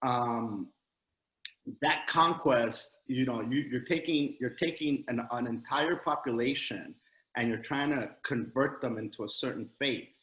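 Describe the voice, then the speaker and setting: Profane, animated man telling a story. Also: mid-range voice, a little slow, reverberant, dull audio. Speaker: guest comedian. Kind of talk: casual storytelling chat.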